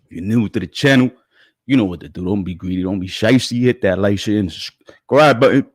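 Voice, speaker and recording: Male livestream host, very deep voice, congested, slangy, greets viewers. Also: brisk, breathy edge, no echo, clean studio sound. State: stuffy nose, throat catching. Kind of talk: casual live commentary.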